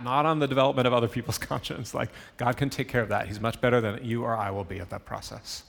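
A man's voice: mid-range voice, fairly bright tone. A man preaching a sermon as pastor, talking in a loose, conversational way with frequent fillers. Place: church sanctuary. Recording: hall reverb.

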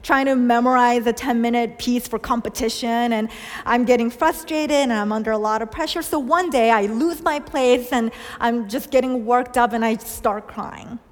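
A woman preacher giving a sermon, telling stories and asking questions, with soft hushed lines for quoted words. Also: on the high side, normal speed. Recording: long hall reverb.

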